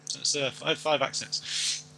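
Brief: male podcast co-host, very bright tone, loose rambling banter, faint noise behind. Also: medium pitch, flat delivery, measured pace, gravelly, rough recording. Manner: rambling, jokey, puts on silly accents. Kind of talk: casual chat.

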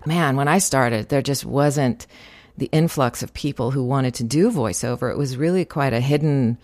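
A woman's voice: extremely low pitch, normal speed, a little mellow, dry recording. A woman voice actress chatting in an interview, talkative and laughing often, with many fillers. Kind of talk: casual interview chat.

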